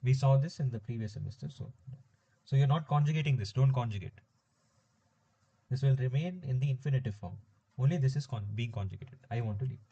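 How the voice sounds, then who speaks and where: A man walks through a French lesson at an easy, unhurried pace, pausing with fillers as he explains. His voice is soft and mellow with a slightly husky grain. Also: mid-range voice, highs cut off. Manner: relaxed, explaining step by step with frequent fillers. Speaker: French tutor. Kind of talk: informal recorded language lesson.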